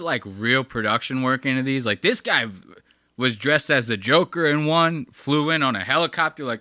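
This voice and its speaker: A man hosting a casual live stream, mocking a clip with crude, animated commentary. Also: medium pitch, no room sound, studio quality. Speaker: host.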